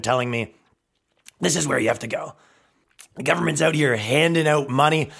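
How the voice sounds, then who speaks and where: A man hosts a comedy podcast solo, riffing in a crude, sarcastic rant. His voice sits a little high and jumps around a lot, dipping into mocking put-on tones. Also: fairly bright tone. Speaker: podcast host.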